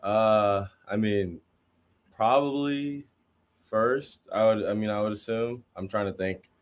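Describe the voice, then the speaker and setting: A man's voice: lowish voice, slow. A young man answering interview questions casually, in a humble, hesitant way with many fillers. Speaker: guest college football player.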